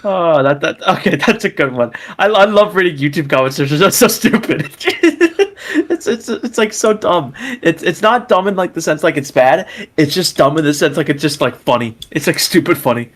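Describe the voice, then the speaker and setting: A man's voice: a little high, fairly quick, hardly any pauses. A man co-hosting a casual podcast chat, giggly and rambling with stammering restarts. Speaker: podcast co-host.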